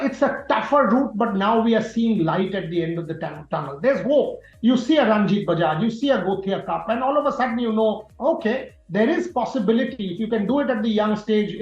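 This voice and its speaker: A man giving forceful, opinionated interview answers as a sports journalist guest, repeating key words for emphasis. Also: sits high. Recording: roomy, dull sound with faint music.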